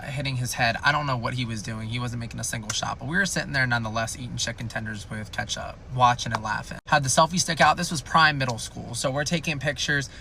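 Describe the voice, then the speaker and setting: Young man, bright gravelly voice, chatty rambling storytime, faint background hiss. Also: medium pitch. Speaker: storytime youtuber. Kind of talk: casual storytime.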